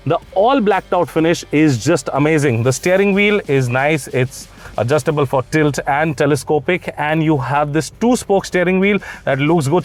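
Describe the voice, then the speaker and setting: A man reviewing a car on the spot, chatty, pointing out details with frequent fillers. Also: fairly high pitch. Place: at a parked car, on site.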